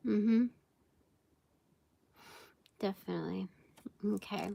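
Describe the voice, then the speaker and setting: Rambling woman reading tarot, gravelly. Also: medium pitch, steady tone, slow pace, mellow, a little hiss or hum. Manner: rambling, filler-heavy, thinks aloud. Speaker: tarot reader. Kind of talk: casual live tarot reading.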